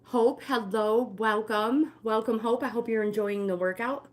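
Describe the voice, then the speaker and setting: Slow-talking older woman leading a workout. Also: fairly high pitch, fairly even intonation. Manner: friendly coaching, greets viewers by name. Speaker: fitness instructor and livestream host. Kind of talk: live-streamed walking workout.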